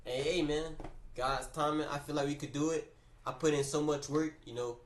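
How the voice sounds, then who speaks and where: A man's voice: a little high, normal speed, far from the mic. Male streamer, casual storytime, slangy and repetitive, roomy echo, sits back from the mic. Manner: animated, slangy, repeats phrases.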